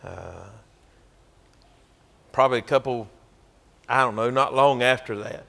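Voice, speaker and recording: A man's voice: medium pitch, a little slow, gravelly, fairly bright tone. A man with a Georgia Southern accent, preaching a sermon as a pastor and telling a story in a folksy, emphatic way. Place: church.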